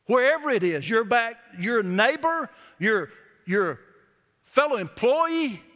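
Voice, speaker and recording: High, bright preacher in a hall. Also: male voice, big pitch swings. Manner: folksy storytelling preacher, emphatic slowed phrases. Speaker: pastor. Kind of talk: sermon. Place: church sanctuary. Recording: church hall with long reverb.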